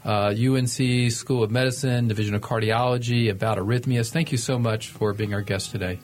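A man's voice: mid-range voice, steady tone, a little fast. A man in his fifties, a doctor co-hosting a radio health talk show, chatting conversationally with fillers and restarts. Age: 50s. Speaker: co-host, physician.

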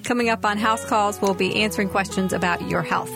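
A woman, a doctor co-hosting a radio health talk show, presenting segments in a friendly, brisk manner. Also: medium pitch, steady tone, vocal fry, over music. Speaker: co-host, physician.

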